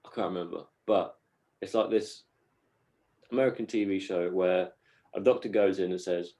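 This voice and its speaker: Casual man, low-voiced storyteller. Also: moderate pace, long pauses, mellow. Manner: rambling, laughs while telling stories, slips into silly voices. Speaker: podcast co-host. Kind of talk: casual chat.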